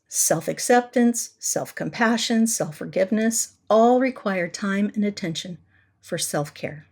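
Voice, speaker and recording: Middle-aged lady therapist, calm coaching podcast talk, repeats words to drive points home. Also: mid-range voice. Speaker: parenting therapist and podcast host. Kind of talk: solo podcast teaching.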